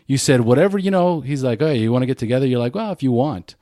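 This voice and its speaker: A male podcast host with a lively, expressive voice asks questions in a casual, emphatic way, swearing now and then. His voice is dry and close, with little room sound. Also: mid-range voice, fast, no echo. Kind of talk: conversational interview.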